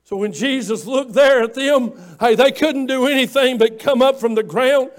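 High-voiced fervent preacher man. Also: normal speed. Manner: fervent preaching with rising shouts and "uh" fillers. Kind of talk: sermon.

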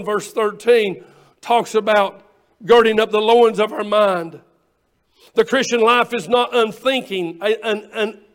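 A man's voice: very high voice, fairly bright tone. A male pastor preaching a sermon, quoting scripture in old-fashioned wording and repeating phrases for emphasis.

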